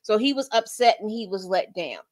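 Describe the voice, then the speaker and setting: A woman's voice: medium pitch, lively intonation, a little fast, a little mellow. A woman hosting a casual commentary video, chatty and repeating herself as she talks her viewers through a story. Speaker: commentary channel host.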